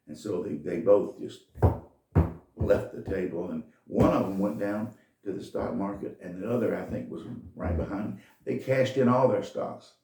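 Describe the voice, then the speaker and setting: A man's voice: low-pitched, normal speed, dark tone, roomy sound, distant mic. A man telling a folksy, rambling story in a casual monologue.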